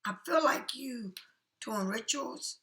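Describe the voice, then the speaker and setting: A woman giving a casual tarot reading, talking softly and often half-whispering in a chatty, reassuring way, a little tired. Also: high-pitched, lively intonation, slow pace, gravelly. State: yawning, tired. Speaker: tarot card reader.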